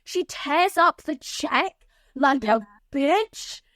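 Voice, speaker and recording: Animated young woman, sweary and high. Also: very slow, no room sound, clean studio sound. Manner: animated, sweary, acts out scenes. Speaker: podcast host. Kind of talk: casual film chat.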